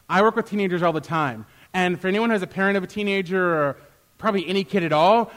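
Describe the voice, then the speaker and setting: A man preaching a sermon in church, animated and acting out quoted exchanges as he speaks. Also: high-pitched, fast talker. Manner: animated, acts out quoted exchanges with rising loudness. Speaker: pastor; youth worker.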